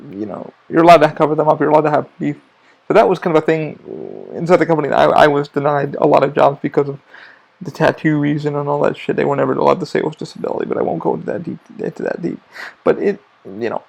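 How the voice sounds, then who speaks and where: Gravelly, cursing theme park podcaster man. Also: on the high side, a little mellow. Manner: profane, rambling, restarts often. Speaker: podcast host. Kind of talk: rambling casual monologue.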